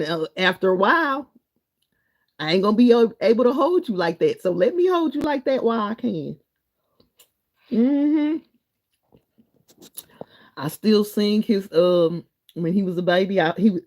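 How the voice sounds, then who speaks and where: A middle-aged woman talks casually to her live-stream viewers. Her voice is warm and mellow, at an ordinary pitch for a woman. She drifts easily from topic to topic in an encouraging way. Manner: chatty, warm and encouraging, wanders between topics. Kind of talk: casual live-stream chat reading comments.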